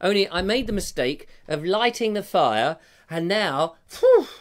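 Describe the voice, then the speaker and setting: Chatty male host reading viewer comments, self-mocking and jokey, voice a touch high for a man. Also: lively intonation, measured pace. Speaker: live stream host. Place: home room with a fire.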